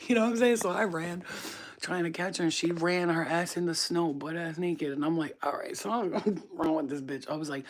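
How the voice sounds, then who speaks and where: A woman with a low-pitched voice talks fairly quickly while livestreaming as a psychic reader. She casually tells her chat a story, swearing often and repeating phrases for emphasis.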